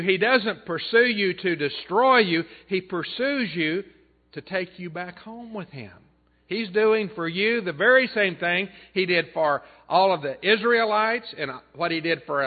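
Slow, earnest preacher on a tinny line. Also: male voice, on the high side. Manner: earnest preaching that swells loud then drops soft. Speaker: pastor. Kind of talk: sermon. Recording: tinny phone-like band.

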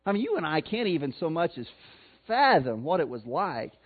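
A man with a Missouri accent preaching a sermon, swinging between loud emphasis and soft, slow passages. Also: fairly high pitch, sing-song. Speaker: pastor. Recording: tinny phone-like sound.

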